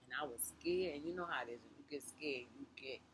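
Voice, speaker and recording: A woman's voice: fast talker, slight background noise, low-quality recording. A woman telling a personal story in a casual storytime monologue, chatty and conversational, often dropping her voice to a whisper for asides. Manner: rises loud and high when reliving confrontations.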